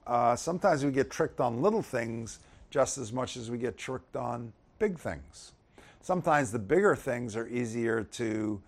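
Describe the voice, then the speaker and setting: A man leading a casual Bible teaching, talking conversationally and turning emphatic when he reads the verses aloud. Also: mid-range voice.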